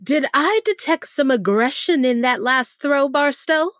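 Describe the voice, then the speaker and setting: A woman's voice: high-pitched, lively intonation, unhurried, a bit bright, no room sound, clean studio sound. A woman playing a wealthy, flirty socialite who teases her friends, in an improvised tabletop role-play. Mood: smug. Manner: flirty and teasing. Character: rich teasing socialite woman.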